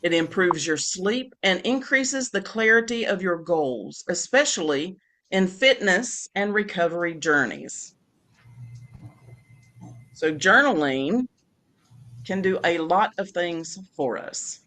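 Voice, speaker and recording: A woman who co-hosts a podcast, reading her own story aloud with expressive, dramatic pacing and then chatting casually. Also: on the low side, slow. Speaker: podcast co-host.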